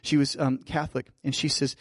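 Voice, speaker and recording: A male pastor preaching a sermon, shifting between fervent emphasis and soft, intimate asides. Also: mid-range voice, flat delivery, fairly quick, no echo, clean studio sound. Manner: preaching with rising fervor, then dropping to soft intimate tones.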